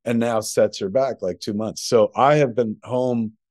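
A man's voice: mid-range voice, steady tone, measured pace, a little mellow, no echo, studio quality. A middle-aged man co-hosting a podcast from home, telling a long, rambling story packed with profanity. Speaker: podcast co-host. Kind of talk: casual chat.

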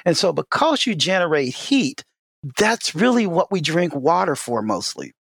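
A man with a fairly high-pitched voice talks as an expert guest, explaining and telling stories with animated energy. He leans on "you know" as he goes. The recording is dry and close, with no room sound. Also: moderate pace, creaky, husky, no echo. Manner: animated storyteller, many "you know" fillers; lively, swings in pitch. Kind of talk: casual explanatory interview talk.

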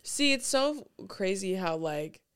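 A woman's voice: medium pitch, animated, slow, smooth. A young woman in casual chat, talking loosely with lots of "like" and frequent laughter. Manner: chatty, heavy use of "like", laughs often.

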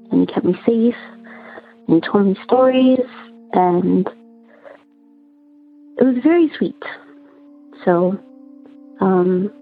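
A woman caller telling a personal story in an earnest, halting, repetitive way over the phone. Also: mid-range voice, breathy edge. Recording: tinny phone line with faint music.

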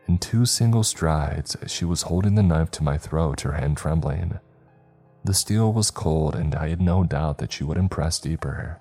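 A man narrating a horror story in a steady, measured storytelling voice. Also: extremely low pitch, faint music behind.

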